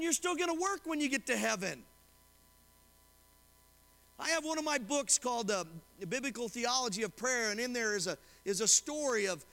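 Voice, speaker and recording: A male preacher with an extremely high, sharp voice delivers a sermon in a large hall, a church sanctuary. He reads from scripture and recounts a story, quoting voices and often questioning the congregation.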